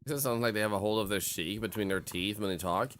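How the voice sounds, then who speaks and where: A man's voice: fairly low pitch, quick pace, a bit bright, a little hiss or hum. A Swedish man streaming a game in English, rambling and joking with his chat. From Sweden. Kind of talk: casual live-stream chat.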